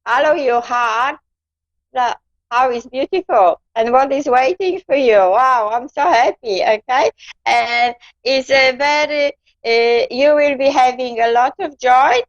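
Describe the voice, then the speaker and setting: A woman giving a gentle live-stream psychic reading, calling her listener darling. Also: high voice, measured pace, no room sound. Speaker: psychic card reader. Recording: dull lo-fi dry sound.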